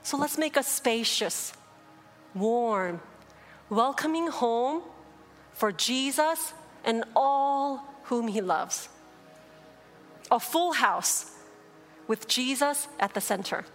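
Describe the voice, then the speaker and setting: A woman pastor closing her sermon in a slow, emphatic way. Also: on the high side, lively intonation, in a large hall, faint music behind.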